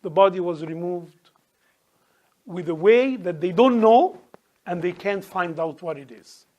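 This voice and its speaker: Guy, high voice, fired up church talk, broken english. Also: animated, measured pace, darkish tone. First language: Arabic. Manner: passionate, emphatic, imperfect English. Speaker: church speaker.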